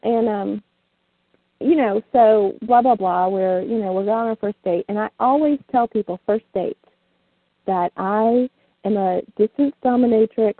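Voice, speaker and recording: A woman with a gravelly, husky voice tells bawdy stories candidly and laughs often. She comes through a tinny, dry phone line. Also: mid-range voice, measured pace, dry recording. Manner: frank, bawdy storytelling with frequent laughter. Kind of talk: casual chat. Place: small southern town.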